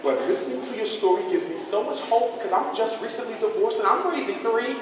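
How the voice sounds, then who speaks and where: A man's voice: high voice, lively intonation, fast talker, crowd noise. A man voicing a female schoolteacher who gushes with false sympathy in a syrupy, mock-sincere tone, heard in an echoey hall from a distance. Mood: gushing. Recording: echoey hall, mic far off.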